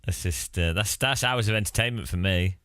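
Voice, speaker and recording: A man's voice: sits low, brisk, fairly bright tone, clean tone, no echo, clean studio sound. A man chatting casually on a live stream, playful and laughing often.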